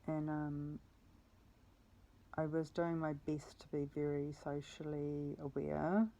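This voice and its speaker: A woman's voice: sits low, little pitch movement, slow pace, dark tone, low-quality recording. A woman telling a personal story in a meandering way, often correcting herself and swearing casually. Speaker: vlogger.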